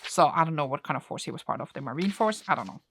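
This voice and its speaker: A woman's voice: low-pitched, lively intonation, quick pace, fairly bright tone, slight background noise. A young woman chatting casually as she recaps a comic she is reading, laughing often and filling with "like". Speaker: reading vlogger.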